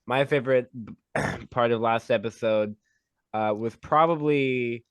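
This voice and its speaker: A man's voice: mid-range voice, measured pace, smooth, no room sound. Playful man, close and dry. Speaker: player. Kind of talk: casual podcast chat.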